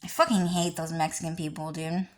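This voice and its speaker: A woman vlogging in a rambling, profane monologue, repeating herself and swinging between low mutters and shrill high outbursts. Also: level tone, brisk.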